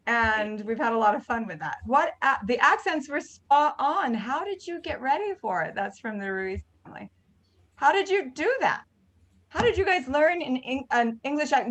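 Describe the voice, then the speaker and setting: A woman's voice: medium pitch, fairly bright tone, rough recording. A woman directing a theater group, hosting a casual question-and-answer session over a video call, talking with many ums and restarts. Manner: chatty, frequent ums and restarts.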